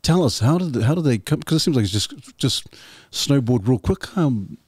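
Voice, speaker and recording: A man's voice: medium pitch, lively intonation, normal speed, darkish tone, husky, no room sound, clean studio sound. A man hosting a casual interview, rambling and repeating himself, effusive with praise. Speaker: podcast host.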